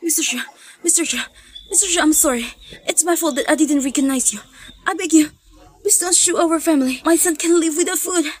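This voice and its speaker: An actress dubbing a snobbish rich wife who mocks and then pleads. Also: female voice, sits high, fairly quick, natural voice. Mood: pleading. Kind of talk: English drama dub.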